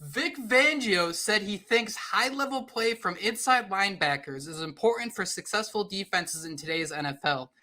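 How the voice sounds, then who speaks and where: A man co-hosting sports talk radio, animated and opinionated in casual chat. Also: high-pitched, moderate pace, hardly any pauses.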